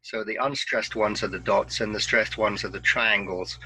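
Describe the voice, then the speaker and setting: A man teaching an online English pronunciation lesson, giving patient, clear instructions. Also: lowish voice, fairly even intonation, normal speed, sharp tone, poor audio.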